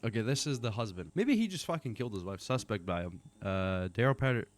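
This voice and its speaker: A man's voice: on the low side, sing-song, fast talker. A man casually commenting on a game, reading its text aloud and dropping profane, offhand asides. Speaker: gamer playing an interrogation game.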